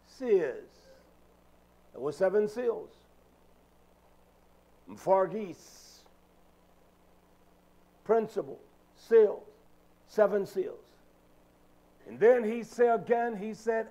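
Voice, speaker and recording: A man's voice: very high voice, animated, takes it slowly, pauses often, warm tone, poor audio. A man preaching a sermon with an emphatic, repetitive cadence.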